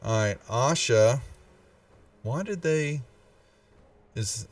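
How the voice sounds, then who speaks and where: A man narrating as game master in a live-streamed tabletop game, halting and restarting as he checks the rules. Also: mid-range voice, animated, distant mic. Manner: halting, with many restarts and fillers.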